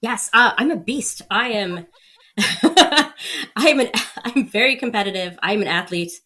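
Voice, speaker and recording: A woman's voice: mid-range voice, measured pace. Upbeat woman in her 30s telling stories, laughs a ton, does little voices for people she quotes. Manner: energetic, laughs often, acts out quoted voices. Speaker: podcast guest. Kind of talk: casual storytelling.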